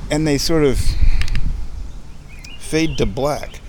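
A man's voice: fairly high pitch, takes it slowly, a little mellow, a little hiss or hum. A man chatting casually in a vlog while feeding his backyard chickens outdoors. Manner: rambling, chatty, talks baby-talk to chickens. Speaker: vlogger. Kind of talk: casual walk-and-talk vlog.

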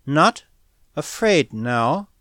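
Man voicing a hushed, halting catlike alien woman. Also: a little high, big pitch swings, no echo, studio quality, full character voice. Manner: halting broken speech, slow and hushed.

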